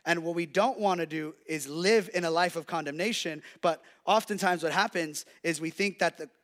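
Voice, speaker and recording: A man pastor preaching a sermon with lots of energy, acting out the voices of God and the devil. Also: fairly high pitch. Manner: preaching to a congregation, playing the devil's and God's voices; energetic, with quick restarts and repeated calls.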